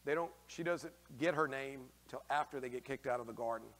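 A male priest giving a lively, folksy homily, taking questions from the congregation and acting out the figures in raised voices. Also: medium pitch, fairly quick, long reverb tail. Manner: folksy, slangy asides. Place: church.

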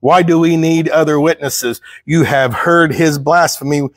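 A man's voice: a little high, unhurried, no room sound. Conversational male pastor, dry sound. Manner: conversational, reads scripture aloud and asks the congregation questions. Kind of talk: sermon, Bible teaching. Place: church.

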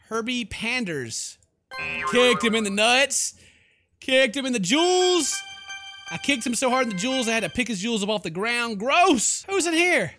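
A young man giving loud, goofy gameplay commentary, often shouting and laughing at the game. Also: very high voice.

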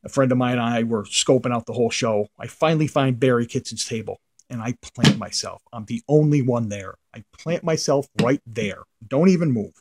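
A man's voice: medium pitch, normal speed, hardly any pauses, a little mellow, slight background noise. A middle-aged man, a comic art collector, casually telling a rambling anecdote to the camera, his voice trailing off into mutters at the ends of phrases.

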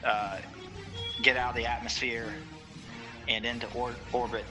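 A man narrating as game master of a tabletop role-playing game, energetic and loose with laughing asides. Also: medium pitch, measured pace, over music, low-quality recording.

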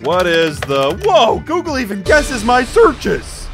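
High bouncy guy telling cartoon jokes, gravelly edge, music behind. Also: takes it slowly. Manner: animated, jokey, exclaiming. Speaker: cartoon narrator and main character. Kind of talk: animated comedy narration.

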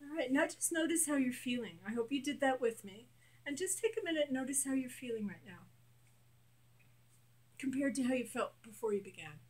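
A middle-aged woman with a slightly high voice leads a guided exercise, repeating affirmations slowly and giving gentle instructions. Between the exercises she explains in an easy, casual way as an energy healing teacher. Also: expressive, breathy edge.

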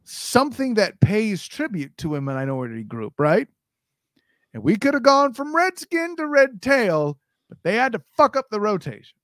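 A man hosting a casual podcast, giving opinionated, animated rants. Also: sits high, normal speed, no echo. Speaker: podcast host.

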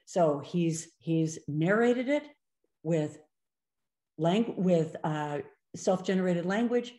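A middle-aged woman presents to an audience in a measured, explanatory way, often pausing on an "um". Her voice sits low and mellow. The sound carries a roomy echo. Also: animated. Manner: measured, explanatory, frequent ums. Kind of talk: conference presentation.

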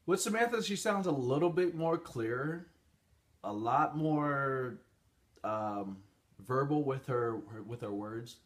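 A man's voice: mid-range voice, lively intonation, slow pace. A man hosting a casual tech review, chatty and rambling with fillers as he talks through phone settings. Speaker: channel host.

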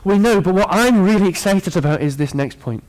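Male preacher, slightly higher voice, sermon delivery, earnest with joking asides to the congregation. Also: lively intonation, fairly quick, a little mellow.

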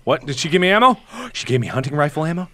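A young man commenting on a video game he is playing, given to loud, expressive outbursts and self-mocking rants. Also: fairly high pitch, racing, noisy background. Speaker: let's play host.

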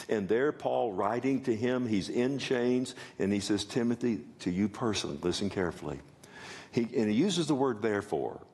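A man's voice: on the low side, a little mellow. Man preaching a church sermon. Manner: preaching with emphatic call-and-response. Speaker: pastor. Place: church sanctuary.

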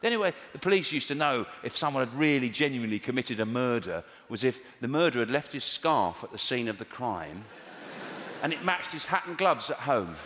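Wry comedian in a reverberant venue. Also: male voice, fairly quick. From England. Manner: wry, sardonic delivery with lively swings in pitch. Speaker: stand-up comedian. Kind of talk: stand-up comedy routine. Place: live comedy venue with audience. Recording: reverberant live venue with faint audience noise.

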